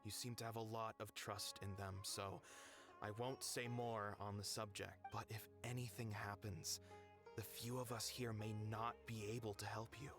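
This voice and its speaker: A man's voice: on the low side, level tone, over music, close to an everyday voice. A man playing a worried, kindly older man. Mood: concerned. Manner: measured, concerned.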